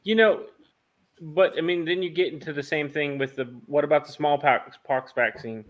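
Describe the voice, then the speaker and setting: A man hosting a casual livestream chat, talking in a halting way with lots of fillers and restarts. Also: on the high side, dull audio. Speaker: host of a farm livestream.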